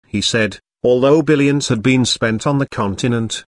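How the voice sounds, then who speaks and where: A man reading a history audiobook aloud in a measured, even narration. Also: medium pitch, dry recording, clean studio sound.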